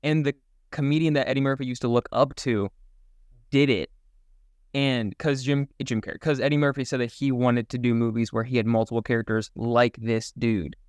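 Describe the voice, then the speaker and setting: Young male comedian, podcast guest, animated storyteller, smooth tone, dry close mic. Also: medium pitch, normal speed, no echo. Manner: animated, laughs often, rambling storytelling. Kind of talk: casual podcast chat.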